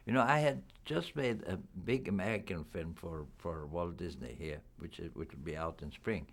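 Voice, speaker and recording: A man's voice: low voice, moderate pace, gravelly. An older man, a film actor, giving a candid, reflective press interview.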